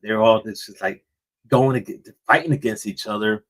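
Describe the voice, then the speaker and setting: A man's voice: lowish voice, fairly even intonation, normal speed, fairly bright tone, poor audio. A man hosting a comic book show, chatting casually about a book, rambling, repeating words and often saying "man".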